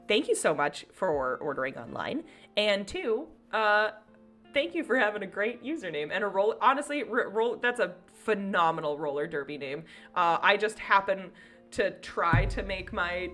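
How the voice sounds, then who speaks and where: A young woman streamer with a bright, lively voice that swoops up and down as she giggles and chats with her viewers. She sits indoors at home, and faint music plays behind her. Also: medium pitch. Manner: bubbly, giggly, chatty with viewers. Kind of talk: casual live-stream chat.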